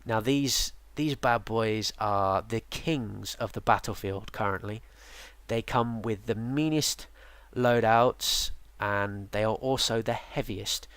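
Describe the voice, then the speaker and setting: A man's voice: on the low side, slow pace, clear, resonant tone, no echo. Tired guy rambling through a game guide, lots of ums, dry close mic. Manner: relaxed, rambling with many ums and restarts. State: yawning, tired. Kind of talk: casual game tutorial narration.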